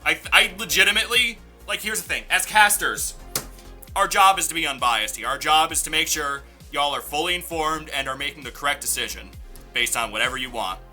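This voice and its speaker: Bright-voiced casual male esports caster. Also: on the high side, brisk, faint music behind. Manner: casual, blunt, swears freely. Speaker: esports caster and stream host. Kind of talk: live esports casting banter.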